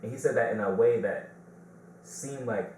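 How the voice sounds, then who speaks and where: A relaxed man with a Detroit accent hosts a casual podcast chat, telling loose stories full of laughter. His low voice sounds distant and very roomy. A faint hiss runs underneath. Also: normal speed. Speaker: podcast host.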